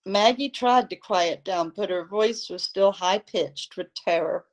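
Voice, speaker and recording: A woman reading a novel aloud in a steady, unhurried storytelling manner. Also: medium pitch, low-quality recording. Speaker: audiobook reader.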